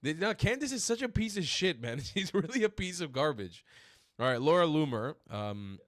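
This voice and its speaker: Brief: man streamer, angry political rant, swears constantly, slightly high voice, dry close room. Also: sing-song, normal speed, no echo. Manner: furious, profane ranting. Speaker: streamer host.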